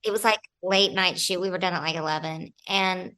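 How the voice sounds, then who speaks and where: Bright-voiced woman telling stories. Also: lowish voice, fairly quick, clear, resonant tone. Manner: animated, acts out other people's lines. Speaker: actress guest. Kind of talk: casual interview storytelling.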